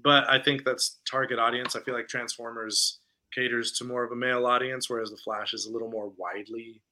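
A man's voice: mid-range voice, fairly quick. A man co-hosting a podcast, chatting casually and animatedly about a film he saw. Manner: animated retelling, acts out lines from scenes; conversational with many fillers. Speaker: podcast co-host reviewing films. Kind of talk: casual chat.

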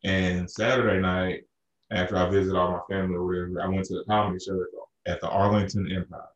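A man from Arkansas with a very low voice tells a long, rambling story in a relaxed chat. He restarts his sentences often and leans on fillers. He sounds roomy and a little far from the mic. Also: fast talker, lo-fi sound. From Arkansas, USA. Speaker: podcast co-host. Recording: roomy echo, a bit off-mic.

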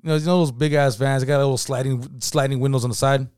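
A man with a Californian accent, telling an animated, slang-filled story in casual chat. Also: medium pitch, fast, smooth, dry recording, clean studio sound. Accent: Californian English.

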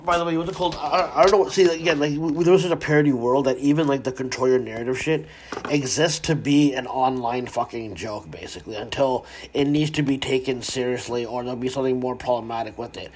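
A man's voice: medium pitch, fairly even intonation, quick pace, a little mellow, a little hiss or hum. A man hosting a casual commentary stream, ranting in a rambling way with lots of swearing, fillers and restarts.

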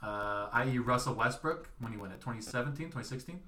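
A young man co-hosting a sports podcast, laid-back and hesitant, sharing opinions with plenty of pauses. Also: mid-range voice, pushed and bright. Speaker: podcast co-host. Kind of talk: casual sports talk.

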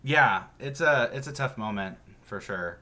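A male podcast host recapping a TV episode in a steady narrating manner and chatting casually. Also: mid-range voice, measured pace.

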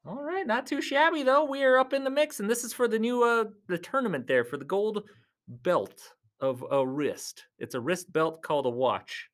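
A vlogger giving casual play-by-play commentary at a live event, chatty and laughing often. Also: moderate pace. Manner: chatty, laughs often, lively swings in pitch. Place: at a live arm-wrestling event.

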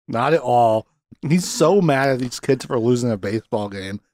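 A young man hosting a podcast, recapping a movie in casual chat, animated and sarcastic, laughing often. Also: medium pitch, unhurried, dry recording, studio quality. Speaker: podcast host.

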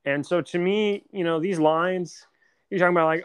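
A man's voice: sits high, normal speed, clean tone, dry recording. A man co-hosting a podcast, chatting casually with dry, mock-serious jokes. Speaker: podcast co-host.

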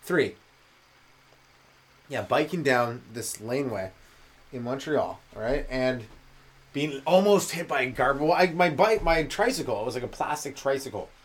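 A man, a stand-up comedian rambling through a solo comedy podcast and jumping into loud voices for the people he quotes. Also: mid-range voice, lively intonation, normal speed, pauses often. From Canada.

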